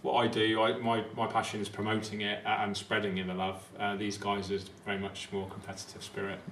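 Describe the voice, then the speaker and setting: A man's voice: on the low side, completely flat delivery, a little fast, a bit bright, slight background noise. A man explaining aquascaping in casual conversation, enthusiastic and informative. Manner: explanatory, enthusiastic about his hobby. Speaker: aquascaping expert. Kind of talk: casual chat. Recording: echoey room, mic at a distance, faint ambience.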